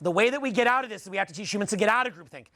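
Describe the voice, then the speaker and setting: Man, Canadian accent, forties, live seminar talk, rhetorical and profane, tense bright tone, dry close sound. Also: high voice, very fast, no echo. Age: 40s. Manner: profane, blunt, rhetorical questioning of the audience. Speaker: seminar speaker.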